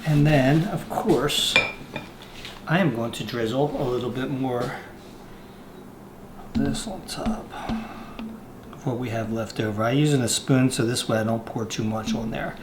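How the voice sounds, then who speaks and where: A man hosting a casual cooking show outdoors, walking through a recipe step by step in a relaxed way. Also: mid-range voice, normal speed, echoey room, background noise. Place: outdoors, windy.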